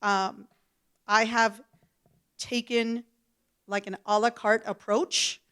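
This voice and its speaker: Relaxed middle-aged woman on a panel, smooth clear voice, playful little asides. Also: on the high side, takes it slowly. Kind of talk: casual panel talk.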